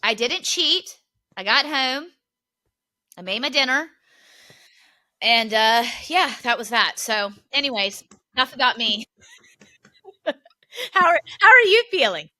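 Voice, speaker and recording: Bright, lively woman telling a story. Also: high-pitched, a little slow, pauses often. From Philadelphia area. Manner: animated storyteller, laughs often. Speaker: podcast co-host. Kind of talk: casual chat.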